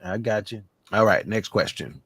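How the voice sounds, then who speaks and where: Casting: low-pitched man, panel host, close dry mic, easygoing and jokey. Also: moderate pace, fairly bright tone, husky, dry recording. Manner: moderating, jokey asides. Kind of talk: casual panel discussion on a live stream.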